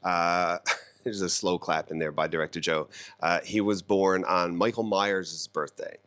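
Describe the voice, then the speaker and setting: A man with a very low, deep voice talks casually to the camera as the host of a real estate show. He rambles and jokes, stops himself mid-thought, and restarts his sentences. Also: steady tone, measured pace, a bit bright. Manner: rambling, joking, self-interrupting.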